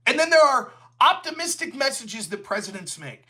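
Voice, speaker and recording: A man's voice: extremely high pitch, very animated, moderate pace, bright, forceful tone. A man hosting a livestreamed political commentary show, talking in a heated, sarcastic way. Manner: sarcastic, heated, slips into mocking voices.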